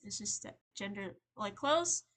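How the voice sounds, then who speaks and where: A young woman on a livestream, venting in a rambling, halting, earnest way, full of fillers and restarts. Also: mid-range voice, animated, fairly bright tone. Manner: earnest and emotional. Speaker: streamer.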